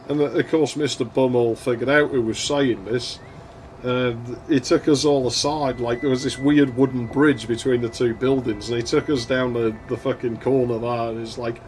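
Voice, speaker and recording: A man's voice: mid-range voice, steady tone, normal speed, slight background noise. A young man chatting casually while playing an old console game, telling a school story, laughing often and swearing freely. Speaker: gaming channel host. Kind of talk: casual gameplay commentary.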